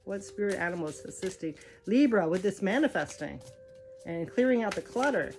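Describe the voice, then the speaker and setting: A woman's voice: mid-range voice, expressive, a little fast, a little mellow. A woman reading oracle cards, chatty and encouraging, thinking aloud as she goes. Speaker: tarot card reader. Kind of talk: spiritual card reading. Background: faint music.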